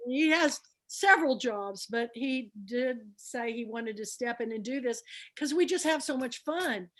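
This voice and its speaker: A woman with a somewhat high voice hosts a book club chat with eager, rambling enthusiasm. Her thoughts tumble out with fillers and restarts over a video-call mic. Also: lively intonation, unhurried.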